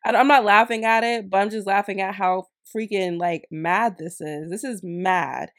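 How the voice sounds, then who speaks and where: A woman vlogger giving commentary, indignant and animated, who laughs as she rants. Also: medium pitch, normal speed, no room sound, studio quality. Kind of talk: commentary and storytime.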